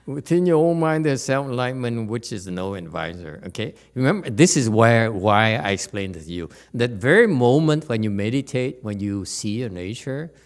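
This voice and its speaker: A man giving a lecture at a temple, animated and teasing, often checking whether the audience understands. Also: mid-range voice, normal speed, few pauses. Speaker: Buddhist teacher. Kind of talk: dharma lecture.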